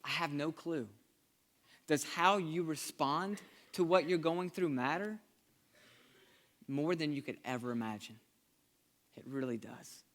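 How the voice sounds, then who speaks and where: A pastor preaching a sermon in a conversational, earnest way, shifting between lively and hushed delivery. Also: male voice, a little high, a little slow, pauses often.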